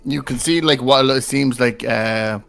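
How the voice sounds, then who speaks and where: A man's voice: mid-range voice, measured pace, creaky, fairly bright tone. A man running a tabletop game as game master, narrating loosely with lots of filler words and laughter.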